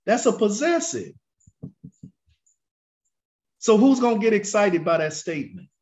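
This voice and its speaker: A man teaching a Bible class, questioning his students and drawling key phrases slowly for emphasis. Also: high voice. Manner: animated, questions the class and waits for answers. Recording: dull lo-fi recording.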